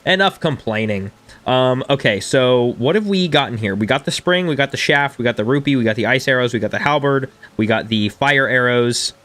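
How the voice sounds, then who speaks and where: A man's voice: medium pitch, brisk, hardly any pauses, fairly bright tone. Chatty man streaming a game. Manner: chatty and self-deprecating, reading chat aloud. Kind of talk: casual live-stream chat over gameplay.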